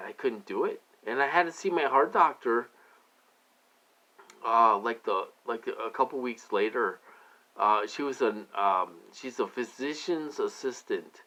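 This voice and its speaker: A man's voice: medium pitch, fairly bright tone. A man talking loosely to his viewers in a rambling personal monologue, repeating himself and filling gaps with "you know.". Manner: loose, repetitive, heavy with fillers. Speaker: vlogger.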